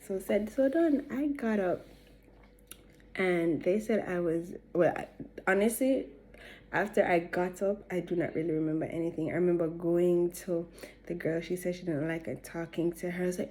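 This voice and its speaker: Chatty Jamaican woman, lowish voice. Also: moderate pace, warm tone. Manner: rambling, chatty, laughs between sentences. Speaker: beauty vlogger. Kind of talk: casual storytelling while doing makeup.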